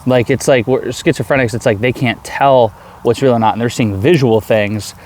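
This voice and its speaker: A man in his thirties, talking earnestly in a rambling personal video diary, with many halting restarts. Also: mid-range voice, fairly even intonation, a little mellow, slight background noise. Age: 30s. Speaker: vlogger.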